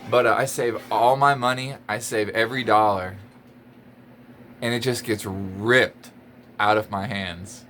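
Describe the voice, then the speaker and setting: A man's voice: fairly low pitch, steady tone, a little slow, fairly bright tone, slight background noise. A man vlogging a casual rant to camera, exasperated and emphatic, often repeating his points and laughing between lines.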